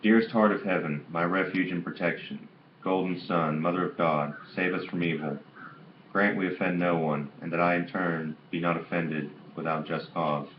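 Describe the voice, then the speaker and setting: A man's voice: low-pitched, steady tone, moderate pace, roomy sound, lightly acted. A man reading the lines of a pious, fiery old grandmother in a story, with a dull lo-fi sound and faint hiss. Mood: fervent prayer. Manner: praying fervently, shouting warnings.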